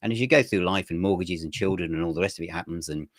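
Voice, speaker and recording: A man, a magazine editor, chatting as an interview guest and telling his story in a relaxed, rambling way. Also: sits low, quick pace, no echo, studio quality. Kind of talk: casual interview chat.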